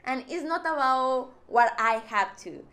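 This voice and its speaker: A Mexican-accented woman speaks English at an unhurried, deliberate pace. Spanish is her first language, and she searches earnestly for her words. She talks to camera in a personal vlog. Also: high-pitched, animated, sharp tone.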